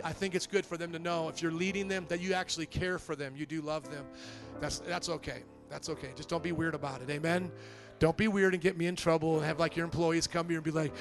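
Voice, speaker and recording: A man preaching a sermon as pastor, telling stories with lively, acted-out quotes. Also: high-pitched, fairly quick, faint music behind. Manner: lively storytelling, acts out quoted voices.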